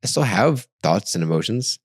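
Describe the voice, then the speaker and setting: A deep-voiced man in his forties talks through his thoughts on a podcast. His delivery is relaxed and searching, with hesitant restarts and sentences that trail off. The sound is dry and close. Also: normal speed, breathy edge, no room sound. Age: 40s. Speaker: podcast host. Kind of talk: casual reflective podcast chat.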